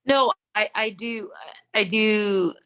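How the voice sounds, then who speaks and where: A woman's voice: medium pitch, slow, a bit bright, clear, resonant tone. A woman and mother telling a coaching group about a hard moment, chatty and full of fillers. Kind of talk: casual group discussion.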